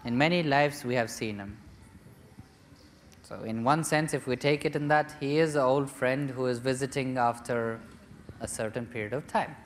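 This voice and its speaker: A man, a spiritual teacher, telling a story to a young seminar group in a lively, joking manner. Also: medium pitch, moderate pace, a little hiss or hum. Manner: lively, chatty, jokes and acts out quotes.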